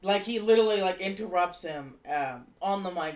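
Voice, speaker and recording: A streamer recaps wrestling in loose, hesitant chat full of fillers. The voice sits at a middling pitch. A roomy echo surrounds it. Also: expressive, moderate pace, hardly any pauses. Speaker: stream co-host.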